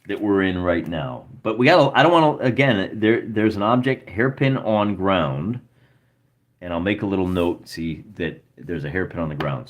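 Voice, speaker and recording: A man narrating his solo journaling game in a relaxed, chatty way, thinking aloud as he goes. His pitch sits mid-range but moves around a lot, rising and dipping as he talks to his live chat. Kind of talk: casual let's-play narration.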